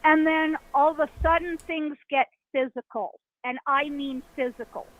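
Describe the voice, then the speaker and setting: A woman's voice: sits high, steady tone, moderate pace, narrow, tinny audio. A woman caller telling a ghost story vividly, acting out voices and sounds.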